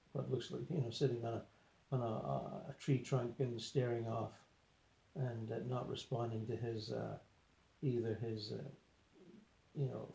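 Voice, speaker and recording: Gravelly man telling a story haltingly. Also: mid-range voice, dark tone. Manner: halting, filler-heavy storytelling. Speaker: journal vlogger. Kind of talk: recounting an out-of-body experience. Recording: echoey room.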